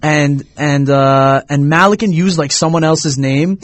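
A young man telling an animated, slangy story in casual chat. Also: fairly high pitch. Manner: animated storyteller, slangy, rushes when excited.

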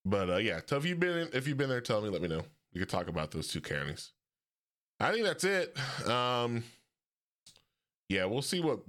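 A man's voice: medium pitch, fairly bright tone. A man from hosting a casual solo podcast, rambling and correcting himself, with frequent chuckles. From Ohio. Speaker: podcast host.

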